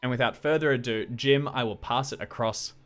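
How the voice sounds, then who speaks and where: A man opening a game stream with a halting delivery full of filler sounds. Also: medium pitch, fairly bright tone. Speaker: stream co-host. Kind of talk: stream introduction.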